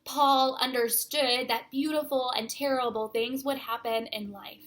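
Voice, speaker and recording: A young adult woman pastor giving a sermon, speaking slowly and deliberately and letting her phrases fade to a near-whisper. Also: sits high, steady tone, a bit bright. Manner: slow, deliberate delivery that trails off to a near-whisper at phrase ends.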